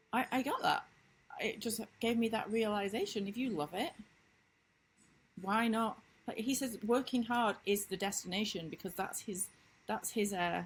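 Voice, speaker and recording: A woman business coach in a casual talking-head vlog, recapping lessons with emphatic enthusiasm and sudden upward leaps in pitch. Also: husky, rough recording. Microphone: computer screen-recording mic.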